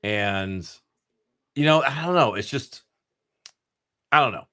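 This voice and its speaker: A man's voice: medium pitch, lively intonation, slow pace, pushed and bright. A man hosting a livestream, chatting casually and profanely while opening trading card packs. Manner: laid-back, rambling and profane, lots of restarts. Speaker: card-breaking livestream host.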